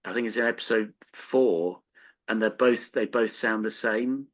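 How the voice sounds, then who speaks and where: Hesitant British man, slightly muffled. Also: lowish voice. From United Kingdom. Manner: halting, searching for words. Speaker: podcast co-host. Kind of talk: casual podcast chat. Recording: slightly dull lo-fi audio.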